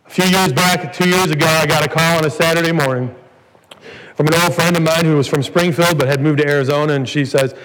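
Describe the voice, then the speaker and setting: A man's voice: on the high side, fairly even intonation, fast talker, a bit bright. A man preaching a sermon as pastor, earnest and building to emphatic peaks. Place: church sanctuary. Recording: church hall reverb, faint noise.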